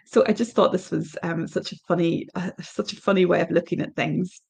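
Irish woman, middle-aged, solo podcast host; husky, creaky delivery, thoughtful and halting. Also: lowish voice, flat delivery, darkish tone. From Ireland. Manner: thoughtful, hesitant with many ums and restarts. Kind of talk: reflective solo podcast talk.

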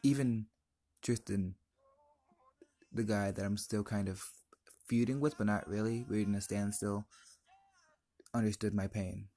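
A man's voice: fairly low pitch, steady tone, unhurried, long pauses, dark tone. A teenage boy hosting his own podcast, telling a personal story in an earnest, emotional, confiding way. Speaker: podcast host.

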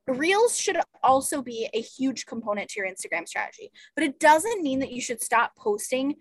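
Woman podcast host, high and very lively, casual and laughing, dry booth. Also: moderate pace, no room sound. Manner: laughs often, expressive. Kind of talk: casual chat.

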